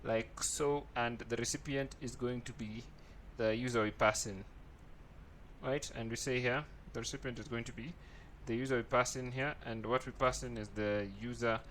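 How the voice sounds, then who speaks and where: A man's voice: mid-range voice, steady tone, moderate pace, fairly bright tone, a little hiss or hum. A man teaching a coding tutorial, thinking aloud as he types and often checking in with "right?". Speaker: programming tutor. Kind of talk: screen-recorded coding tutorial.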